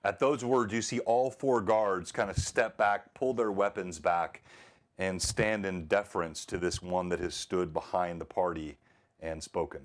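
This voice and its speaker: A man running a tabletop game, narrating in a relaxed, slightly hesitant way. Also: low voice, a little slow. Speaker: game master.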